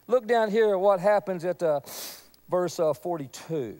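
High-voiced preacher. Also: male voice, moderate pace. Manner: earnest, swings from loud emphasis to near whisper. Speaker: pastor. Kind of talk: sermon.

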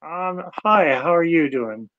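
An older man joining a podcast as a guest over a video call, relaxed and a bit unsure with the tech. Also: on the high side, slow. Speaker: interview guest. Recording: dull video-call audio.

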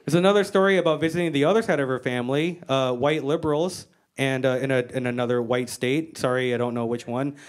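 A woman's voice: very deep voice, quick pace, hardly any pauses. Brief: a brash woman stand-up comic, profane storyteller on a handheld mic. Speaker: stand-up comedian. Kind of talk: stand-up comedy. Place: stage before a live audience.

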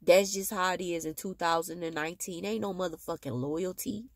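A woman's voice: on the low side, brisk, no room sound. A tired woman venting in a bitter, profane monologue with heavy sighs, talking into her phone. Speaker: vlogger.

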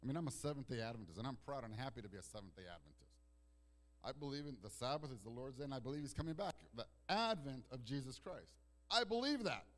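A male pastor preaches from the pulpit of a church. He swings from ringing declarations to near-whispered, drawn-out phrases. He often repeats a word or restarts a phrase before pressing on. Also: mid-range voice, animated. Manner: dramatic swings between loud declarations and hushed, slow passages. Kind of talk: sermon. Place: church sanctuary.

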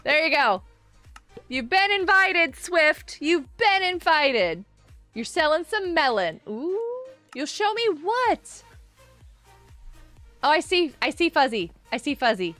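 A woman's voice: high voice, very animated, slow pace, bright, forceful tone, no room sound, faint music behind. A woman streaming a game, chatting casually with her viewers, answering chat aloud and laughing often.

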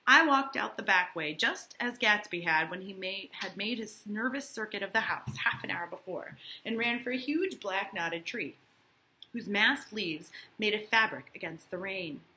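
Bright-voiced woman teacher reading aloud. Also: medium pitch, expressive, normal speed. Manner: casual asides, checks in with "right?". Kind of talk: reading a novel aloud with commentary.

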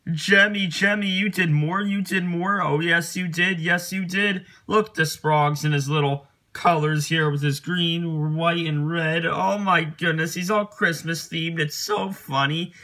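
Slow, giggly man with a bright voice. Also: fairly high pitch, steady tone. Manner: giggly and repetitive, laughing at each picture in singsong chants; mock-scolding and talking to the picture maker directly. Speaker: YouTuber reacting to pictures. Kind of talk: comedic reaction commentary.

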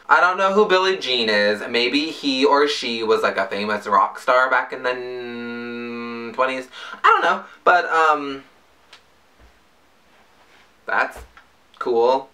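A man reviewing song lyrics in a casual, jokey way, breaking into high yelps. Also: takes it slowly, pauses often, pushed and bright. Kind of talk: casual comedic commentary.

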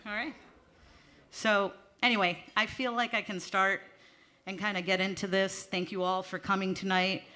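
A woman's voice: mid-range voice, little pitch movement, normal speed, bright, forceful tone. A woman doing a stand-up comedy set on a small theater stage, talking in a chatty, self-mocking and slightly nervous way into a stage mic. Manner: nervous, chatty, laughing at herself. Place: small theater stage before a live audience. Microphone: handheld stage mic.

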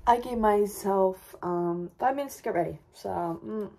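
A young woman chatting casually to camera in a rushed, excitable vlog about her day. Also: mid-range voice, vocal fry, very noisy. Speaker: vlogger. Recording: echoey room.

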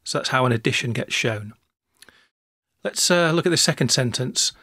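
A man narrates a screencast software tutorial, talking through each step in a relaxed way with small restarts. His medium-pitched voice moves at normal speed, in studio quality with no echo.

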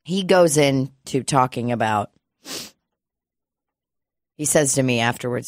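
A woman's voice: very deep voice, measured pace, pauses often, dry recording, clean studio sound. A young woman co-hosting a podcast who tells a bar story in a casual chat, laughing often and acting out the customers' voices. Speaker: podcast co-host.

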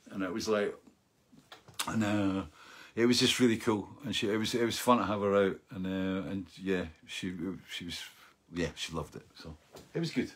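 A Scottish man chatting casually as host of his stream, rambling and animated, laughing often as he talks. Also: on the low side. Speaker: livestream host. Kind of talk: casual storytelling chat.

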